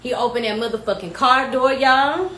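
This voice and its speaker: A young woman from telling a wild storytime vlog, loud and animated, laughing, with casual slang and plenty of swearing. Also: a little high, normal speed. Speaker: vlogger. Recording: echoey room with faint ambience.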